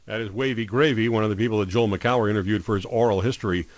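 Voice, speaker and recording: A man's voice: lowish voice, fairly even intonation, quick pace, no echo, lo-fi sound. A man hosting a radio interview, introducing his guest and clips fluently. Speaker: radio host.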